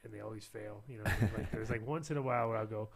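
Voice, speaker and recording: A man's voice: lowish voice, fast, creaky. An American man hosting a show, rambling through a casual story, often laughing and putting on other people's voices. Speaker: show host. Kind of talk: casual chat.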